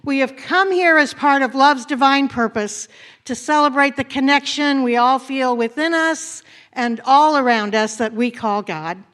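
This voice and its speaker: A woman senior minister welcoming her congregation and then guiding them through a slow, soft meditative prayer in a church sanctuary. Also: sits high.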